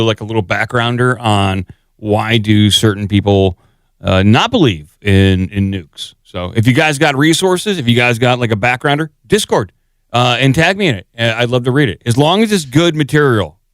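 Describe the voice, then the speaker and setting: A podcast co-host rambles through casual chat, self-deprecating and full of fillers. His voice is mid-range and a bit bright at a moderate pace, captured with clean studio sound and no room sound.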